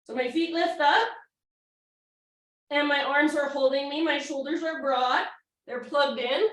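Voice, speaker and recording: A woman's voice: high voice, a little slow. Woman yoga instructor, breezy instruction, a bit out of breath, in a very echoey space. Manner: casual, encouraging cues while demonstrating poses. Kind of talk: guided yoga class instruction. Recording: echoey room, mic at a distance.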